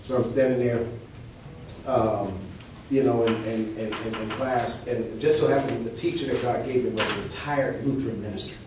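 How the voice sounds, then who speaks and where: A male preacher, telling an animated testimony and acting out the people in his story. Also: medium pitch, moderate pace. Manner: animated storyteller, acts out quotes with laughter. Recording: echoey hall, distant mic, noisy.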